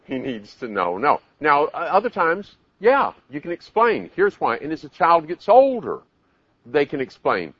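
A man speaks at a parenting seminar, his pitch swinging widely as he acts out scolding parents and stubborn kids. The sound is dry and close, with a slightly dull, muffled top end. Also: a little slow, slightly rough, no room sound. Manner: animated, acts out parents and kids in raised voices. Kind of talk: live seminar talk.

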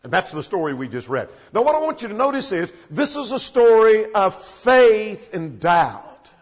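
Male preacher, husky, long reverb in a big hall, lo-fi; emphatic sermon delivery. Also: high-pitched, moderate pace. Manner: expository preaching, animated retelling with emphatic rises and soft drops. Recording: dull lo-fi recording in a reverberant church hall.

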